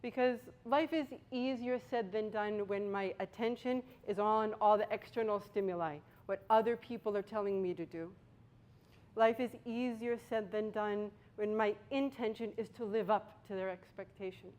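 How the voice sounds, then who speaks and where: This Bostonian woman, a Toastmasters speaker, gives a prepared speech with a slightly mellow, mid-range voice. Her delivery is storytelling in style, punctuated by emphatic pauses.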